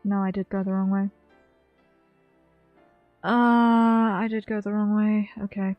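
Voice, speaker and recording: A woman's voice: medium pitch, little pitch movement, unhurried, darkish tone, no echo, soft background music. A young woman streaming from home at her desk mic, chatting casually while playing, rambling and correcting herself. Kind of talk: casual gameplay commentary.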